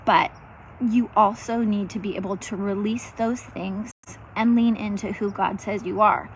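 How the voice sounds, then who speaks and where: A woman's voice: mid-range voice, a little hiss or hum, rough recording. A woman in her thirties, a faith-based health coach, talking energetically to the camera from an ice bath, shivering from the cold. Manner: energetic, chatty, many fillers. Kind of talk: faith-based motivational vlog.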